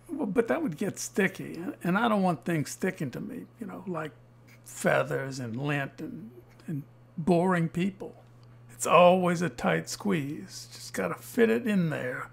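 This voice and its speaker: Gravelly American man, dry deadpan humor. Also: on the high side. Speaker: lapidary and jewelry maker. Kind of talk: joking workshop narration.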